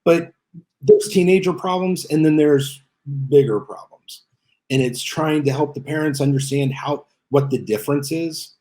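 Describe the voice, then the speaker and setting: A man, a high school teacher, speaking haltingly and reflectively on a panel. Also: warm tone. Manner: halting, reflective, many fillers. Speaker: teacher guest. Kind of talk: panel discussion.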